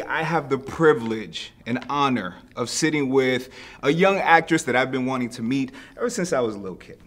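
A man's voice: medium pitch, lively intonation, brisk, a bit bright. A man hosting a goofy, playful interview, laughing often and joking around.

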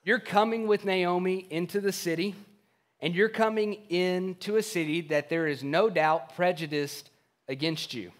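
Male pastor, slightly high voice, earnest sermon storyteller, modern plain retelling of scripture. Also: moderate pace.

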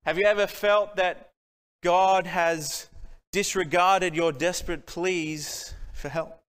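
High-voiced man preaching in a church hall. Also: fairly even intonation, slow, a bit bright, clear, resonant tone. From Australia. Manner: earnest, rhetorical questions, rising emphasis. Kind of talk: sermon. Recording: church hall with long reverb.

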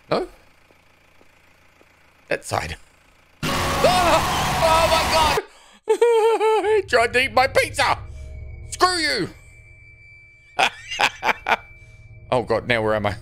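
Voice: medium pitch, bright, forceful tone. A gaming channel host giving jumpy, joking commentary while playing a horror game, laughing and narrating every move.

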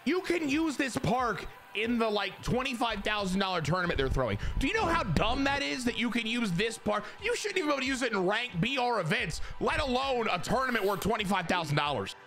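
A young man giving excitable live commentary on his own baseball video game, jumping from loud hype to muttered grumbles. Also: very high voice, a little fast, music in the background. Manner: excitable, swings from hyped shouting to muttered grumbling. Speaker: gaming YouTuber.

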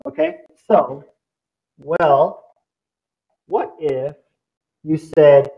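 Man, live software demo, excitable, sound effects, fairly high voice, muffled lo-fi sound. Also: extremely slow, gravelly. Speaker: presenter. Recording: dull lo-fi presentation recording.

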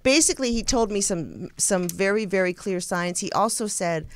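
A woman's voice: mid-range voice, moderate pace, hardly any pauses, no room sound. A woman co-hosting a talk show, telling a rambling story in a casual chat with many restarts. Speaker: co-host.

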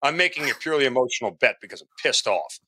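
A man co-hosts a sports betting show and rants about his picks in a lively, sharply bright voice that swings high and low. His exasperated, profane tirades keep coming back to "okay?", heard dry and close to the mic. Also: rapid-fire, slightly rough, dry recording. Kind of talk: ranting sports betting talk.

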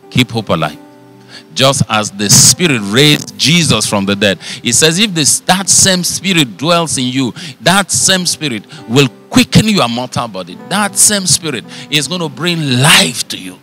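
A man preaching a sermon as pastor, fervent, his loudness swelling and falling. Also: mid-range voice.

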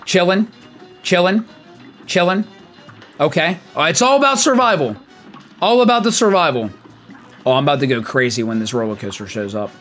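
A young man giving lively live commentary on his game, chatty and hyped, greeting viewers by name. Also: fairly high pitch, normal speed, pauses often, faint music behind. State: out of breath. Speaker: streamer.

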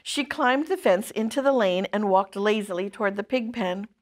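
A woman storyteller reading a children's book aloud in an expressive, lively way. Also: mid-range voice, moderate pace.

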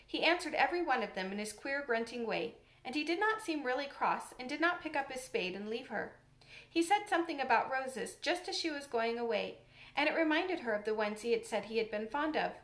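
A woman's voice: high-pitched, expressive, a little fast, a bit bright. Woman reading a storybook in a roomy room. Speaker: audiobook reader. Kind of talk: scripted storybook narration. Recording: roomy echo.

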